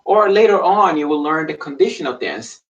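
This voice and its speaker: A man's voice: on the high side, expressive, normal speed, muffled recording. A man teaching an online Spanish lesson in English, explaining patiently and checking in with frequent "okay?". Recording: voice somewhat far from the mic.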